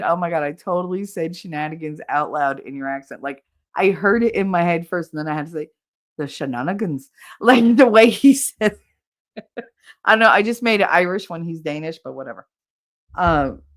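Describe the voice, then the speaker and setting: A woman, hosting a casual livestream chat, laughing often and acting out quotes as she tells stories. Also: on the low side. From Hoboken, New Jersey. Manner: animated storyteller, laughs often, acts out quotes. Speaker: livestream podcast host. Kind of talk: casual chat reading viewer comments.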